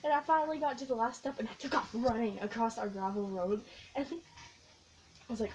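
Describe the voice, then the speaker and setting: A young woman vlogging, telling a long, excitable story in a casual, rambling way with lots of giggles. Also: on the high side, a little fast, rough recording. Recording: faint background noise.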